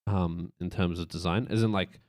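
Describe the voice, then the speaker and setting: This man has a deep, steady voice with a darkish tone and a normal speed, heard in clean studio sound without echo. On a live stream he talks casually through a website layout as he works, rambling, thinking out loud, and tossing in playful beeps.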